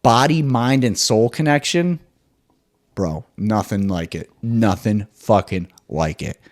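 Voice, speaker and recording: A man hosting his own podcast, ranting solo in an excitable, profane, rambling way. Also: fairly low pitch, takes it slowly. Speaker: podcast host.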